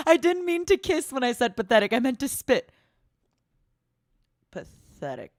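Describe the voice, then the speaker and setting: A woman's voice: high-pitched, lively intonation, a little slow, no echo. Woman streamer teasingly calling everyone honey. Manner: teasing, calls viewers honey, mock-dramatic jail bits; swings between loud outbursts and soft murmurs. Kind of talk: playful solo stream chat.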